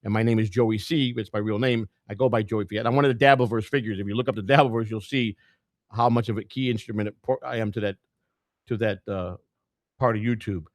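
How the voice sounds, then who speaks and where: Low-voiced blunt middle-aged man. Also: steady tone, fairly quick, dry recording, studio quality. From Chicago. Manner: blunt, plain-spoken, repeats words as he goes. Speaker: presidential candidate and podcaster. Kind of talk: casual storytelling monologue.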